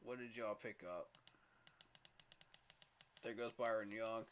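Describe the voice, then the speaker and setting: A low-voiced man talks through his choices on a late-night solo stream, mumbling and repeating himself as he thinks. He sounds tired, and a faint hiss sits under his voice. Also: little pitch movement, takes it slowly, fairly bright tone. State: tired, yawning. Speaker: fan podcast host. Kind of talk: casual solo livestream commentary.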